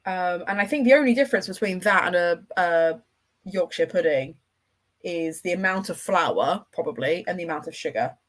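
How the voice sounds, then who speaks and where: A woman's voice: fairly low pitch, expressive, normal speed. A woman hosting a livestream, chatting casually and enthusiastically with her viewers as she rambles from one thought to the next. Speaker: livestream host.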